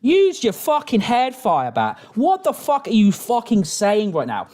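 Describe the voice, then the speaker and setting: A man's voice: sits high, huge pitch swings, unhurried, a little mellow. A man streaming a reaction who rants angrily, swears constantly and talks in rambling restarts while drinking. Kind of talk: profane reaction rant.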